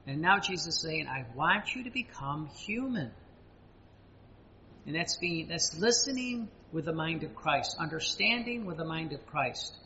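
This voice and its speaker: A man preaching a sermon, emphatic and repetitive, with dramatic pauses and sudden rises. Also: fairly high pitch, bright, forceful tone, in a large hall, highs cut off, slight background noise.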